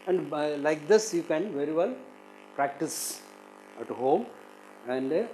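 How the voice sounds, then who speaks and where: A man with an Indian English accent teaches pronunciation in a recorded exam-prep lesson. His voice sits a little high, and he says each word over and over, lifting the stressed syllable. A faint hum runs under his speech. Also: animated, a little slow, warm tone, poor audio. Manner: drills words by repeating them several times, stressing syllables.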